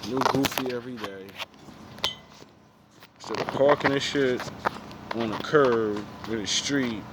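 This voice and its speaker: A man's voice: mid-range voice, unhurried, heavy background noise. A man giving a blunt, profane, rambling opinion monologue outdoors by a street. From United States. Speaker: vlogger.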